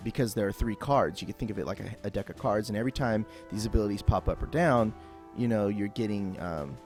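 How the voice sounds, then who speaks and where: Man, somewhat low voice, casual unscripted game tutorial, rambling, filler-heavy, desktop mic. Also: fast talker, darkish tone, soft background music. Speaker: gameplay tutorial host.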